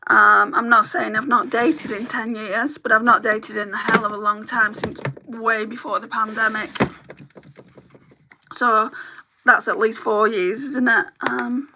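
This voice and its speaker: A woman's voice: fairly high pitch, level tone, unhurried, background noise. A woman chatting candidly to the camera while doing her makeup, telling stories with a chatty, open manner. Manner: chatty, candid storytelling with laughs.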